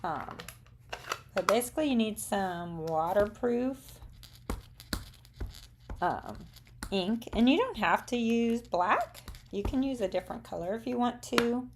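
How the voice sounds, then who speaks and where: A woman's voice: on the high side, lively intonation, measured pace, long pauses, noisy background. A middle-aged woman with a Southern accent, chatting casually and rambling a little with frequent ums as she hosts a live craft demonstration for viewers.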